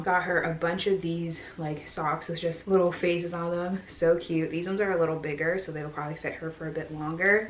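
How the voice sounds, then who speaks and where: A young pregnant woman chatting casually and gushing as she shows off baby clothes, a little out of breath. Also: low voice. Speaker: vlogger. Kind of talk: casual haul chat. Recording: echoey room with faint noise.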